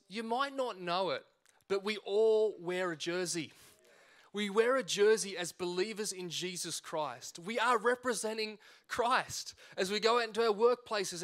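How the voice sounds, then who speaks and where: A man, preaching a sermon and acting out a personal story with lively quoted voices. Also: sits high. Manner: animated storytelling, acts out shouts and quotes. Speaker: pastor.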